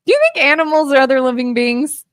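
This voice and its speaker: A woman co-hosting a local talk radio show, telling rambling, animated stories in casual chat. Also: high-pitched, fast, no room sound. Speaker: co-host.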